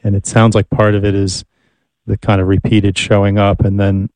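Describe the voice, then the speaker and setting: A man's voice: fairly low pitch, little pitch movement, normal speed, a little mellow, smooth, no echo. A man interviewing a guest, asking thoughtful questions while searching for words.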